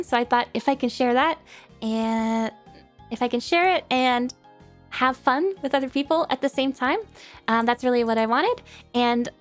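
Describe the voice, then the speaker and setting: A young woman streamer chatting casually and reading out viewer questions, giggly and rambling, often laughing at herself. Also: high voice. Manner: giggly, rambling, self-deprecating.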